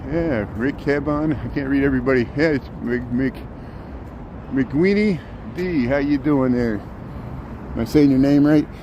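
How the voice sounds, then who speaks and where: A man's voice: medium pitch, measured pace, muffled recording. Chatty man live-streaming on busy city streets. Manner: chatty, greets viewers by name, repeats himself. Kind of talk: casual live-stream narration while walking. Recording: loud street traffic noise.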